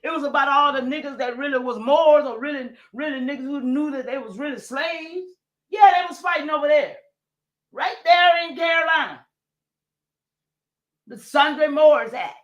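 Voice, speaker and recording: High-pitched and recorded with dull audio, this woman is running a livestream. Speaking right to her audience, she is emphatic and says things more than once, cursing in the heat of the moment before saying sorry.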